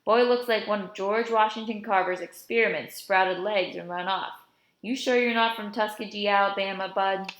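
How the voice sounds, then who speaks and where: A woman's voice: medium pitch, fairly even intonation, moderate pace, a bit bright, natural voice. A jovial older man who can't stop teasing, as a woman reads him aloud. He drawls out his jokes with easy, playful timing. The voice carries the ring of a roomy space. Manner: joking, drawling teases. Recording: roomy echo.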